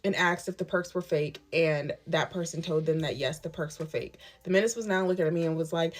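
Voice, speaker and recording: A woman's voice: deep voice, a little fast, few pauses. A woman in her twenties, emphatic and candid, telling her own story in a storytime vlog and acting out what others said. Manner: emphatic and candid, retelling events with quoted dialogue.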